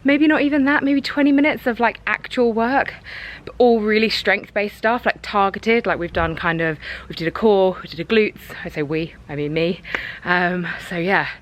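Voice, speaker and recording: A woman's voice: mid-range voice, moderate pace, poor audio. Young woman, lifestyle vlogger, rambling upbeat chat to a handheld camera, mid-range voice. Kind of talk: casual vlog chat to camera.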